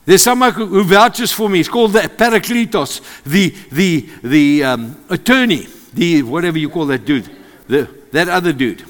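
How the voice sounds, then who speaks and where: A man with a South African accent preaching a sermon, animated and joking with the congregation. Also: on the high side, moderate pace. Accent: South African English. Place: church service with congregation. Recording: long hall reverb.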